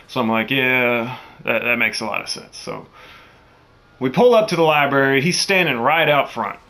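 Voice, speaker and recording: A young man telling a profane, animated story, jumping into loud quoted voices. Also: mid-range voice, moderate pace. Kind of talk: casual storytelling.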